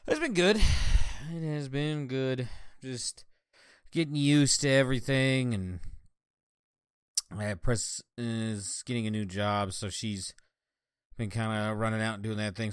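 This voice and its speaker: A man with a low, smooth voice co-hosts a casual podcast chat. He sounds laid-back and blunt, teasing his friend, and the recording is close and dry. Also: fairly even intonation, normal speed, no room sound. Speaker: podcast co-host.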